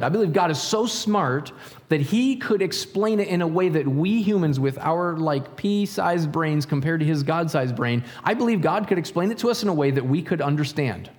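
A man's voice: a little high, lively intonation, a little fast, long reverb tail. A man preaching a sermon in a chatty way, asking rhetorical questions and acting out little stories. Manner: conversational, asks rhetorical questions; acts out stories in quoted voices. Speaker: pastor.

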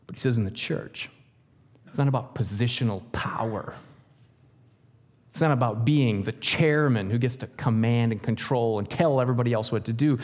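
A male pastor preaching a sermon in an animated way, with jokes and questions to the congregation. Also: mid-range voice, moderate pace, big-room sound.

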